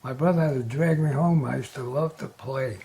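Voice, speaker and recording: Man in his nineties, interview guest, storytelling jokes, wisecracking, chuckles at punchlines, warm dark tone. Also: mid-range voice, brisk. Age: 90s. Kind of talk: joke-telling storytelling. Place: local TV studio.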